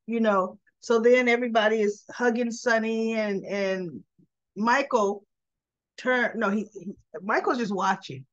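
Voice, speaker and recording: A woman with a somewhat high voice talks slowly through a casual soap opera recap. She retells each scene in an animated way and drops into the characters' lines as she goes. The recording is dull and lo-fi, with a dry sound and no room echo.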